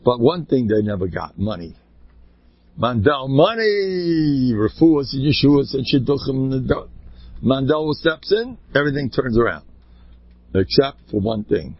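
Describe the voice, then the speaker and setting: Husky, animated man preaching informally. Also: unhurried, dry recording. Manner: animated, joking, big pitch swings; sprinkles Yiddish and Hebrew words. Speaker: religious speaker. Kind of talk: informal Torah talk. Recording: dull lo-fi dry recording.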